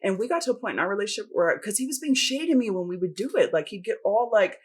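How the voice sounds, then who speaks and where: A woman's voice: mid-range voice, racing, slightly rough. A woman hosting a podcast, telling a personal story in candid casual chat, swearing often and acting out what people said. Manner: profane, animated storytelling with acted-out quotes. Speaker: podcast host.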